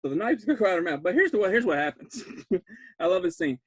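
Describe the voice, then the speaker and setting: Brief: high-pitched man, dry close mic, laughs through a rambling horror-film recap. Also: big pitch swings, fast talker, breathy edge, no room sound. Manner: rambling, laughs often, restarts words; jumps to loud disbelief. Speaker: podcast host recapping a film. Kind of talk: excited casual film recap.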